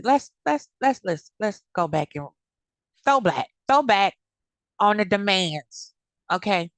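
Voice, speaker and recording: A woman's voice: medium pitch, animated, slow pace, a bit bright, no echo. A woman giving blunt, heated commentary in a casual vlog, cursing freely. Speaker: commentary vlogger.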